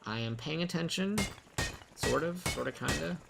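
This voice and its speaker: A young man commenting live on his own gameplay, excitable, rambling and poking fun at himself. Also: fairly high pitch, moderate pace, creaky, very noisy. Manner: excitable, rambling, self-mocking. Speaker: game streamer.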